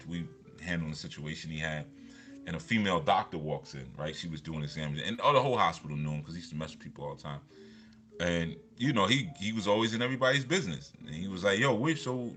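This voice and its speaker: This motivational speaker has a deep, sharp-toned voice and rambles loosely through personal anecdotes in a casual way. He keeps starting over and repeating the same fillers.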